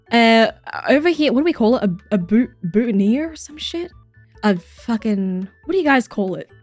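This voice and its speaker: A woman's voice: high-pitched, dry recording. Foul-mouthed gushing woman streamer. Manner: gushing and swearing, mock-jealous outbursts, frequent laughs. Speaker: streamer reacting to viewer submissions. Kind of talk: casual livestream chat.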